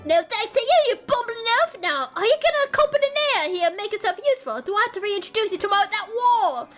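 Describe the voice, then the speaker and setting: A woman playing a bossy mother who scolds in a drifting put-on accent, her voice very high and bright. It swings widely in pitch. She is sharp-tongued and domineering. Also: very animated, fast talker, soft background music, full character voice. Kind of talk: reading game dialogue aloud.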